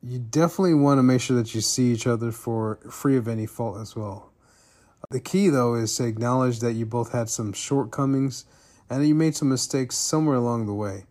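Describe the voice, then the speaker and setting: A man co-hosting a relationship podcast and offering advice in a calm, relaxed manner. His delivery is casual and conversational, with the odd filler. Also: mid-range voice, fairly quick. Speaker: podcast co-host. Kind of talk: casual couple's podcast chat.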